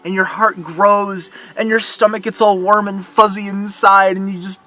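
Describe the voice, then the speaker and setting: Earnest male vlogger, high-pitched, rambling monologue. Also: level tone, moderate pace, bright, forceful tone. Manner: earnest and rambling, with repeated restarts. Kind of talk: heartfelt personal vlog monologue.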